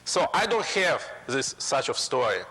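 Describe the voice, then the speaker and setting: A man's voice: mid-range voice, very animated, unhurried, bright, forceful tone, slightly rough. A man in his forties from Moscow, speaking in broken, Russian-accented English and joking as a guest lecturer. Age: 40s. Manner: plain, broken English with playful jokes. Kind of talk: humorous lecture. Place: college lecture hall. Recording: long reverb of a lecture hall.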